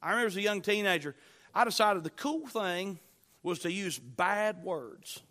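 A middle-aged man preaching with a high, bright and forceful voice. He tells stories softly, then builds to loud, urgent pleading. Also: lively intonation, normal speed. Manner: rises from quiet storytelling to loud pleading. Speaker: pastor. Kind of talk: sermon.

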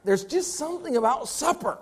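A man's voice: very high-pitched, animated, a little fast, a bit bright, a faint crowd. A man preaching a sermon to his congregation, with an emphatic, rising and falling preaching cadence. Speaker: pastor.

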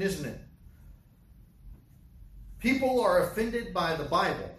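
High-voiced preacher in an echoey room. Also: male voice, big pitch swings, a little slow, long pauses, fairly bright tone. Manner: rhetorical questions, repeats key phrases. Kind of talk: sermon. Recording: echoey room, distant mic, faint hiss.

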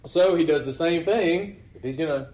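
A man's voice: on the high side, moderate pace, darkish tone, slight background noise. A man preaching a sermon to his congregation in a casual, conversational way, often asking rhetorical questions. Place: church. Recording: echoey room.

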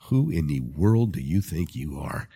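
A man's voice: very deep voice, very animated, fast talker, a bit bright, breathy edge, pitched below the performer's own voice, full character voice. A man voicing mocking older soldier brothers in a sermon story, scolding their little brother. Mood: scornful.

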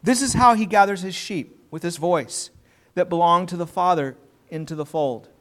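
A man's voice: high voice, moderate pace, a bit bright. A man preaching a sermon in an earnest, emphatic way, drawing out key words and repeating himself as he restarts.

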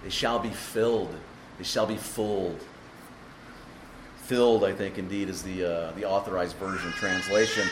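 A man's voice: deep voice, steady tone, unhurried, background noise. A man preaching an expository sermon, explaining the text emphatically and asking the congregation rhetorical questions. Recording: echoey room with faint ambience.

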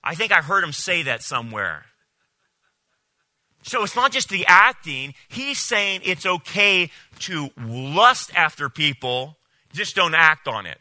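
A man preaching a sermon as a pastor, animated and incredulous, often mocking what others say. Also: fairly high pitch, unhurried, no room sound.

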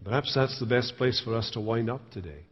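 A man's voice: mid-range voice, brisk, long reverb tail, lo-fi sound. A man preaching a sermon as pastor, telling stories with wry humor. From Scotland. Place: church sanctuary.

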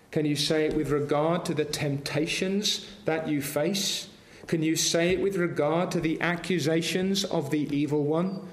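An English man preaching in a church with a fairly high voice and a slow, deliberate pace. He is emphatic and stacks rhetorical questions one after another. The sound is roomy, with the echo of the sanctuary around him. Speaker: pastor. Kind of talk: sermon.

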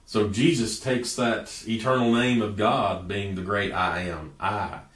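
A man's voice: lowish voice, fairly even intonation, measured pace, a bit bright. A man preaching a sermon in a folksy storytelling way, stretching out words for emphasis. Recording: echoey room from a distance.

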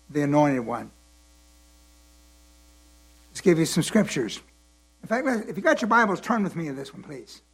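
Deliberate preacher man with a tired voice. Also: fairly high pitch, creaky, breathy edge. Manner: deliberate, repeats points, asks the congregation to fill in words. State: voice tired at the end of the day. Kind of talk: Bible teaching.

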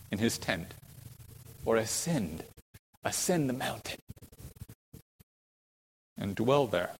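A man preaching a sermon to his congregation, explaining scripture earnestly and putting questions to his listeners, rising to fervent emphasis when he quotes it. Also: in a large hall. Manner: builds to fervent, high-pitched emphasis when quoting scripture. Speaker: pastor.

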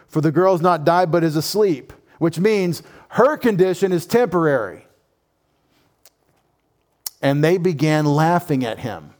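A man preaching a sermon as pastor, with animated delivery, humorous asides and lively quoted voices. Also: fairly high pitch.

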